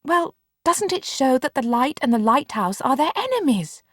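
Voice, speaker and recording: An eager, impulsive young girl, as a woman reader puts her on, pitched well above the narration and bouncing up and down in tone. She pleads in a breathless rush. The audiobook read is close and dry. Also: big pitch swings, normal speed, a bit bright, no echo. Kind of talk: audiobook character reading.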